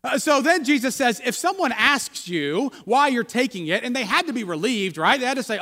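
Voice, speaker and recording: High-voiced man preaching in a hall. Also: animated, bright, forceful tone. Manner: conversational, halting with many restarts. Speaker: pastor. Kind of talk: sermon. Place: church.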